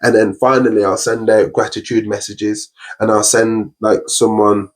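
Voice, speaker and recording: A man's voice: fairly low pitch, little pitch movement, moderate pace. A young man hosting a podcast, talking earnestly and upbeat in casual conversation, often running through long lists. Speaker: podcast host.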